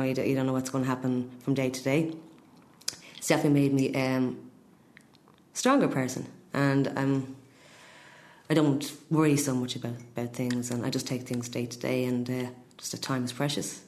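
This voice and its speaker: Irish woman, calm reflective interview, pretty flat delivery. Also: extremely low pitch. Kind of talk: documentary interview.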